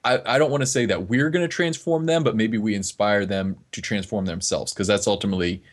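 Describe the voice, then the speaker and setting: A man's voice: lowish voice, brisk. A man from northeast Florida, a fitness trainer talking earnestly as a podcast guest, often restarting his words. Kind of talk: casual podcast conversation.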